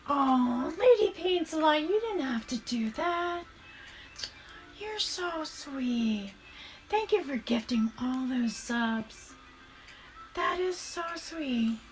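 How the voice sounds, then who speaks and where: A woman streaming as she paints shoes, chatting casually and thanking viewers in a soft, often half-whispered voice. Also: sits high, lively intonation, slow, soft background music. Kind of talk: casual live-stream chat while painting.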